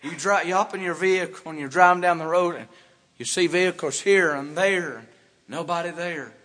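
A man's voice: on the high side, a little fast. Fervent man preaching in a big reverberant church. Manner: fervent preaching, swinging from hushed to loud and emphatic. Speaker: pastor. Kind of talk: sermon. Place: church sanctuary.

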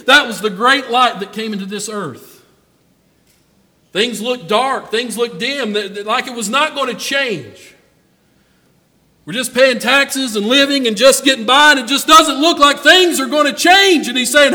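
A man's voice: very high-pitched, normal speed, pushed and bright, long reverb tail. A man preaching a sermon in a folksy way, calling out to members of the congregation by name.

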